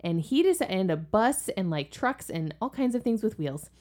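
A very animated woman with a dark-toned, medium-pitched voice talks at normal speed. She's a podcast co-host and parent, chatting through family stories in a casual, conversational way, full of likes and ums.

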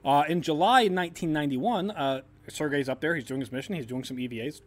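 A man with a somewhat high voice tells a story in a loose, joking podcast chat. He keeps it casual and slips into silly voices for the people he quotes. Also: fast. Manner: laid-back, jokey, acts out quotes in silly voices. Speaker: podcast host.

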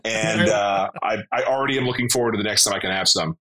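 A man co-hosting a casual podcast chat over a remote call, an animated, blunt storyteller who swears freely. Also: lowish voice, quick pace, rough recording. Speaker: podcast co-host.

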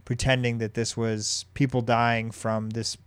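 Smooth-voiced man telling a story casually. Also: medium pitch, level tone, a little slow, no room sound. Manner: rambling, with many ums and restarts. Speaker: podcast host.

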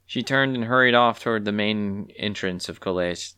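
A man narrating a storybook with an animated, expressive reading. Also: on the low side, normal speed, clear, resonant tone. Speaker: story reader.

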